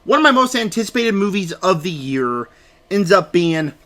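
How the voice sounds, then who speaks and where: A man's voice: high-pitched, sing-song, moderate pace, a bit bright. A man talking through a casual film review at his desk, emphatic and ranting, repeating words for stress. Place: home desk.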